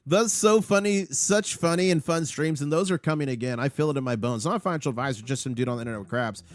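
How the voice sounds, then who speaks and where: A man hosting a live stream with market commentary, excitable and rattling off prices and numbers. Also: a little high, fast. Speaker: livestream host.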